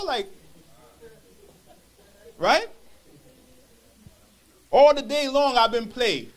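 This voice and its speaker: High-voiced man explaining scripture casually. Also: lively intonation, extremely slow, pauses often. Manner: street-style paraphrasing, acts out quoted voices. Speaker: church elder teaching. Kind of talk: Bible study commentary.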